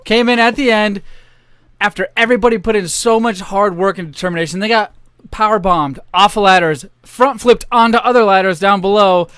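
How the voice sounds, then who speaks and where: A young man hosting a casual podcast, running through wrestling results with jokes and quick asides. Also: high-pitched, a bit bright, clear, resonant tone, dry recording, clean studio sound. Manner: jokey, rapid recap of match results. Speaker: podcast host.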